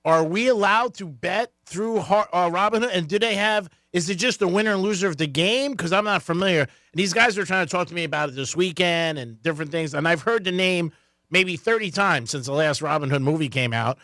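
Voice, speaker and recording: A man's voice: high voice, brisk, bright, forceful tone, no echo, clean studio sound. A man hosting a radio talk show, asking long rambling questions in a chatty way. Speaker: radio host. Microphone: studio mic.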